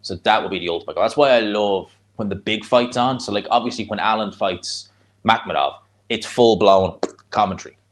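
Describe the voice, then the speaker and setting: A man with a North Dublin accent, hosting a live fight watch-along, chatting loosely and reacting excitedly to the action. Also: fairly low pitch, a little fast. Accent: North Dublin (Fingal). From Ireland.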